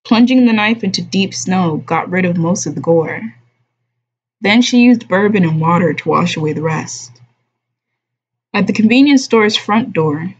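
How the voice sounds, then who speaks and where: A woman reads a novel aloud in an unhurried, measured audiobook manner, her voice low and slightly breathy. The stream audio sounds dull and lo-fi, as if picked up by a modest desk microphone at home. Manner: slow, measured reading, softly voicing the dialogue. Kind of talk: unhurried audiobook-style reading.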